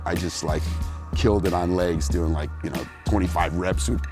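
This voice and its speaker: Middle-aged guy with a really low voice, animated storytelling in an interview, faint music behind. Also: normal speed. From New Jersey, USA. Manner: animated, acts out quoted voices. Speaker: guest bodybuilder.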